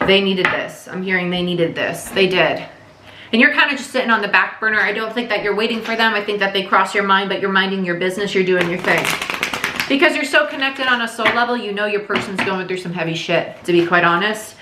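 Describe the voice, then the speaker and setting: A woman's voice: mid-range voice, a little fast, reverberant, noisy background. A woman giving a casual, chatty tarot reading, speaking candidly and swearing now and then. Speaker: tarot reader.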